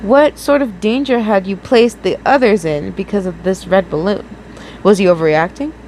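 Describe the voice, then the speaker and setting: A woman's voice: mid-range voice, echoey room, big-room sound, a little hiss or hum. A young woman, reading fanfiction aloud and breaking off to react and joke. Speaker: fanfic reader.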